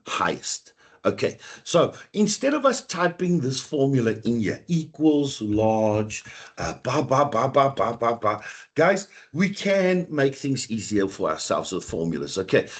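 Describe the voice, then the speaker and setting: A man's voice: mid-range voice, husky. A man teaching a live online computer class, chatty and encouraging, talking straight to his students.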